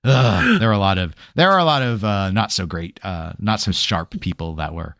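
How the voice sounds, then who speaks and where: A man's voice: low voice, normal speed, a little hiss or hum. A man co-hosting a casual gaming podcast, spinning a long tangent and acting out exasperated quotes. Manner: animated storyteller, acts out exasperated quotes. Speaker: podcast co-host.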